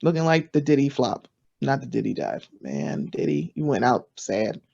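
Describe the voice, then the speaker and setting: A woman giving casual advice on a panel, chatty and playful, acting out quoted voices with sudden jumps in pitch. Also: big pitch swings, moderate pace, vocal fry, dark tone, muffled recording.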